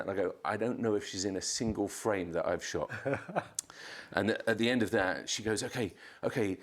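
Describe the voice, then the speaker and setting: A man, a podcast guest, telling a chaotic anecdote in casual chat, swearing and jumping up in pitch to act out quotes. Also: moderate pace. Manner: animated storyteller, swears, acts out quotes in a raised voice.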